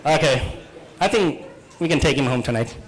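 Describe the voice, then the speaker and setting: A man from Bangladesh doing a stand-up comedy set on a club stage, jumping into quick character voices. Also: medium pitch, lively intonation, a crowd in the background, noisy background.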